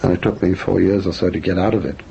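An older man from England talks through his past in an unhurried, self-mocking way, often stopping to restart a thought. His voice is low, warm and gravelly. The recording is dull and lo-fi, with a faint hiss behind him. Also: steady tone. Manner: reflective, self-deprecating, frequent restarts. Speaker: author and guest. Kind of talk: interview answers.

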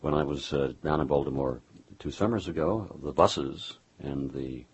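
A man interviewing a writer, chatting in a lively way and adding brief remarks. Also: rumbling low, moderate pace, breathy edge. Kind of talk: conversational interview. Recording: dull lo-fi sound.

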